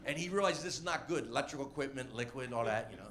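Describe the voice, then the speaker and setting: Fast-talking man telling stories. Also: mid-range voice. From Washington D.C. area. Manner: rambling, animated storytelling with quoted voices. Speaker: comedian. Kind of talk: storytelling interview.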